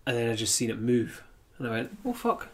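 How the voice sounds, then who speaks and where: A man's voice: medium pitch, monotone, brisk. Chatty man telling a story. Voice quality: chatty, rambling with restarts and laughs. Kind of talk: casual chat, anecdote telling.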